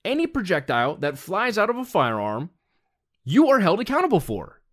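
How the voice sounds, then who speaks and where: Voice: medium pitch, huge pitch swings, normal speed. Blunt, exasperated ranting commentator. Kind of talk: opinion rant monologue.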